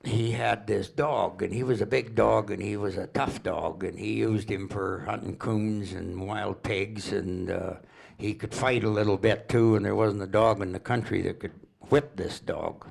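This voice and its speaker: An older man from Alberta telling rambling, folksy stories at a public presentation, unhurried and chuckling. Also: lowish voice, steady tone, vocal fry, darkish tone. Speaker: local storyteller.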